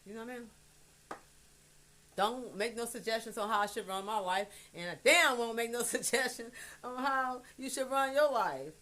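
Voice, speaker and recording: In a fairly high voice at a moderate pace, a middle-aged woman rambles bluntly to her adult son on a phone livestream. She curses freely and her volume swings from quiet to loud.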